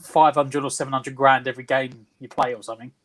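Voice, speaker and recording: A man's voice: medium pitch, flat delivery, fast, a bit bright. A man on a live fan show chatting offhand, stumbling over his first words. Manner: stumbling, offhand, vague figures. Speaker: fan channel co-host. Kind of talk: casual live chat.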